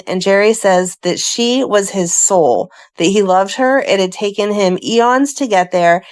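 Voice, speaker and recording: A woman co-hosting a fan podcast, reading plot recaps aloud and breaking off into chatty asides. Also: medium pitch. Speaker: podcast co-host. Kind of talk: casual chat, reading episode recaps.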